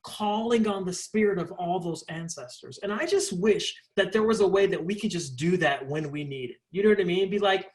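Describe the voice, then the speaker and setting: Lively high-voiced man chatting casually. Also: a little fast, hardly any pauses. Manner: animated, rambling, lots of fillers like "like". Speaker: interview guest, stage performer. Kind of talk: casual conversational interview.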